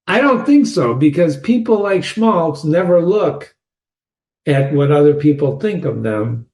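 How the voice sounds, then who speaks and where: A man hosting a literature channel, casually analyzing a short story with digressive anecdotes, wry asides and quick laughs. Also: on the high side, lively intonation, darkish tone. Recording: echoey room.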